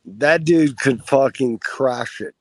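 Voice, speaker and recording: A man's voice: mid-range voice, slow pace, no echo, rough recording. A middle-aged man, a podcast guest, telling laid-back, profane stories in casual conversation. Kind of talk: casual storytelling.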